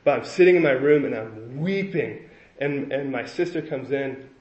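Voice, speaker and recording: Halting young man in a roomy recording. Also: mid-range voice, a little mellow, dull audio. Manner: halting and reflective, with frequent restarts. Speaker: recovery meeting speaker. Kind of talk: personal recovery share.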